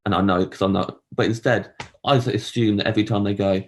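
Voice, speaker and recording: Guy doing a rambly stand-up bit, low gravelly voice, jokes at his own expense. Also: steady tone, fast. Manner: rambling, self-deprecating, acts out others in jumpy high voices. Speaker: comedian. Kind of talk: stand-up monologue.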